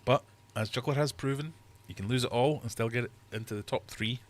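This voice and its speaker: Speaking briskly in a mid-range voice, a middle-aged man hosts a laid-back livestream quiz from his fish room. He keeps things chatty and full of jokes as he calls out the questions and the scores.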